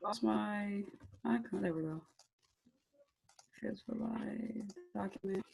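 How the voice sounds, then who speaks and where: Southern woman, trading instructor on a webinar, video call mic, chatty and encouraging, medium pitch. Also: slow, vocal fry, background noise. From Atlanta, Georgia. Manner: chatty, upbeat and encouraging, addresses viewers directly. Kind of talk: live online training webinar.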